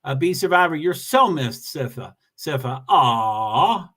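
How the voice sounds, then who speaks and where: Man, livestream host, bright tone, a bit high, rambling chat, self-deprecating. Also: sing-song, a little slow. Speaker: livestream host reading viewer comments.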